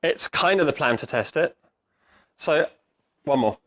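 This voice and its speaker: A middle-aged man giving a conversational talk to a live audience, quizzing them and tagging "right?" onto his points, his voice going hoarse. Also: fairly high pitch, expressive, a little slow, fairly bright tone. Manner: conversational, asks the audience questions, says "right?" often. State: hoarse, clearing his throat. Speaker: agile coach giving a talk. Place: meeting room with an audience.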